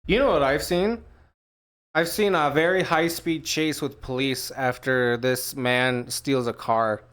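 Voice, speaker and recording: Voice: medium pitch, a little slow, fairly bright tone. A podcast co-host reading news headlines aloud in a casual, profane, joking chat. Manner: playful, profane, acts out scenes in funny voices.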